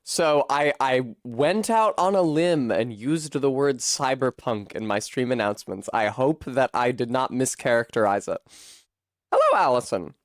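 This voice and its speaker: A man's voice: mid-range voice, animated, unhurried, no room sound, clean studio sound. Chatty self-mocking streamer man. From Rhode Island. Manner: chatty, self-deprecating, swears casually. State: coughing fits. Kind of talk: casual stream chat.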